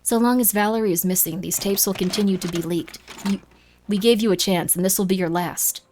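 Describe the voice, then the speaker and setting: A woman's voice: mid-range voice, fairly quick, darkish tone, a little hiss or hum. A woman streaming a game live, chatting playfully and reading the on-screen text aloud. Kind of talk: live-streamed gameplay commentary.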